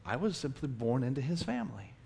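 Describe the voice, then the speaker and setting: A man in his forties from South Texas, preaching a sermon in an animated, conversational way with self-mocking humor. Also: mid-range voice, fast, gravelly, husky. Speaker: pastor.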